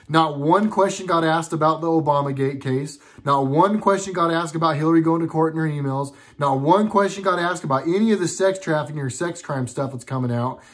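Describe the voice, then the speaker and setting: A young adult American man with a voice on the high side delivers a casual political commentary monologue. He sounds indignant and sarcastic, and he tends to ramble.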